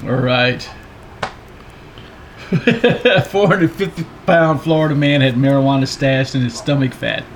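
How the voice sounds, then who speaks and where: A man's voice: medium pitch, a little slow, a little hiss or hum. A man co-hosting a casual talk show, reading odd news items in an easygoing way with chuckles. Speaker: podcast co-host.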